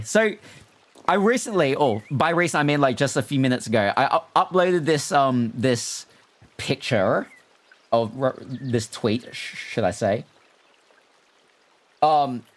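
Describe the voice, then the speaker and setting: A man's voice: on the high side, fairly bright tone. A man streaming live, chatting casually and animatedly with his viewers and reading their messages aloud. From not American. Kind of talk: casual livestream chat with viewers.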